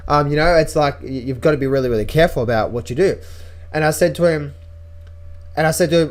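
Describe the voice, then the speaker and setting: Male trader, casual vlog read, slightly raised pitch, emphatic with lots of repeats. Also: fast. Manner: emphatic, repeats words and restarts sentences. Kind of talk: casual market-update vlog.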